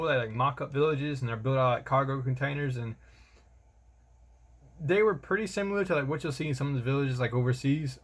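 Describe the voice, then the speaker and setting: Young man, casual vlog storytelling, slangy and rambling, middle pitch. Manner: rambling, slangy, keeps saying bro. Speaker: soldier vlogger.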